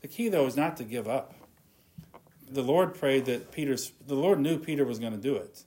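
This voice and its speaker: A man preaching a sermon in an earnest tone, his voice dropping softly at the ends of phrases. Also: mid-range voice, normal speed. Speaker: pastor.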